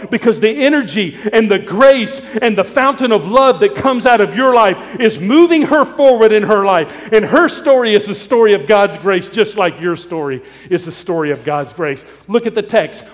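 Pastor, male, high-pitched, earnest pleading sermon delivery, long church reverb.

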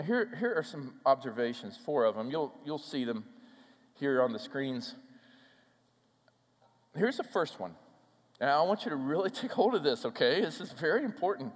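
A pastor delivering a sermon from a church stage, emphatic and often dropping to a hushed voice. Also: male voice, on the high side, lively intonation, normal speed. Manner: emphatic, with soft hushed passages. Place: large church hall. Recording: long hall reverb.

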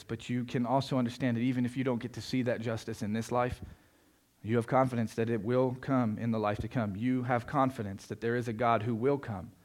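A man preaching a sermon, moving between quiet reflection and loud, emphatic passages. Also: mid-range voice. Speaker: pastor.

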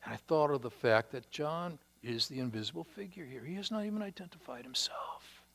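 A male pastor preaching a sermon with long pauses, dropping to a hush and then rising to loud, emphatic peaks. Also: fairly high pitch, expressive, creaky. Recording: hall reverb.

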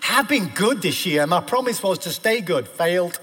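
A man preaching a sermon as pastor, swinging between loud emphatic declarations and hushed, earnest pleas. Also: high-pitched, expressive, moderate pace, husky. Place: church sanctuary. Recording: long hall reverb with faint music.

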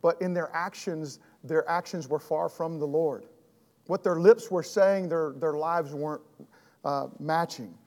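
A man with a slightly higher-than-usual voice teaches a Bible class, earnest and emphatic, circling back to repeat his points. His throat keeps catching. The sound carries a long reverb, like a big room. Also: measured pace, darkish tone. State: throat trouble, clearing his throat.

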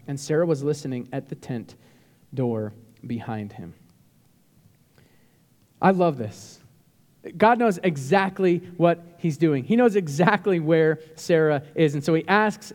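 Male pastor, high tenor, emphatic sermon delivery, long reverb of a church hall. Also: normal speed. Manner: animated, emphatic preaching with rising bursts.

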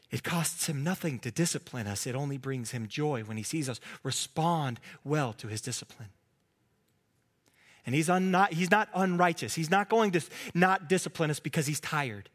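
A man preaching a sermon as pastor, earnest, at times dropping to a soft hush. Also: a little high, expressive, normal speed.

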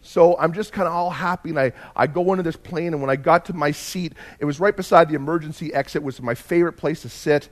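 In church, a pastor preaches a sermon built around personal stories, his voice pitched slightly higher than most men's. He tells them with animation, sinking to near-whispers before rising into loud, emphatic bursts, all at a quick pace with few pauses.

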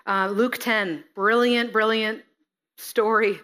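A woman preaching a sermon, reading scripture and acting out the figures with lively expression. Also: a little high, takes it slowly, clear, resonant tone. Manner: expressive, acts out scripture figures, laughs at herself.

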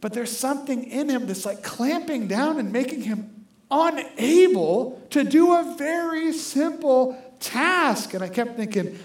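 A man preaching a sermon as pastor, animated and conversational, often asking "right?". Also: very high voice, normal speed, reverberant.

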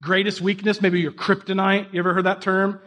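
A man preaches briskly in a high voice, keeping things relaxed and conversational. He shares self-deprecating stories and addresses his listeners with direct questions.

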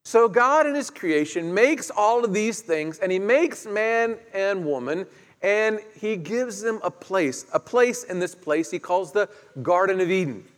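A man's voice: high-pitched, expressive, a little slow. A man preaching a sermon in a conversational way, asking his listeners questions as he retells the story. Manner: conversational, asks the congregation questions. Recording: echoey hall, long reverb.

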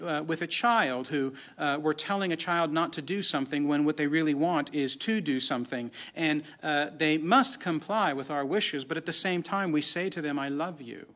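Earnest, measured male preacher. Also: a little high, pushed and bright. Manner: measured, earnest preaching with frequent "uh" fillers and repeated key lines. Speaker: pastor. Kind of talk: sermon.

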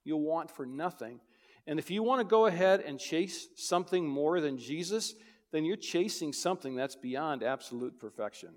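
A man preaching a sermon to his congregation, his voice sitting a little high for a man. He swings between loud urgent lines and hushed ones. A long reverb hangs on every phrase, as in a church hall. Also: animated, moderate pace. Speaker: pastor.

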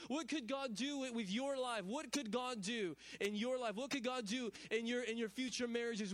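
Male pastor, very high voice, repetitive call-and-response sermon delivery. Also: dry recording. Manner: repetitive preaching with stammered restarts and call-and-response; animated, builds to shouted exclamations.

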